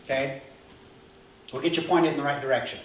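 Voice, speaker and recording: A man's voice: medium pitch, steady tone, brisk, slight background noise. A male pastor preaching a conversational sermon who often asks the congregation questions, recorded in a church sanctuary. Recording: echoey church hall miked from far off.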